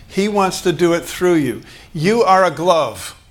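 A man's voice: sits high, expressive, unhurried. A man preaching a sermon in a conversational way, acting out short bits of dialogue and chuckling as he goes. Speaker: pastor.

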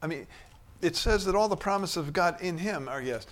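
A man's voice: high-pitched, lively intonation, brisk. Preaching man with a raised voice. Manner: swings between soft musing and loud emphatic bursts. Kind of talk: sermon.

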